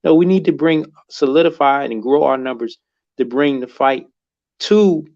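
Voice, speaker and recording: Gravelly man on a dull lo-fi line. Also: medium pitch, moderate pace, a little mellow. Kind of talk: livestream talk.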